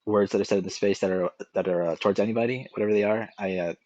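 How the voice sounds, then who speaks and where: Fast-talking man on a dull mic. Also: lowish voice, fairly even intonation, mellow. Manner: hesitant, with many filler words and restarts. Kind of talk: casual voice chat.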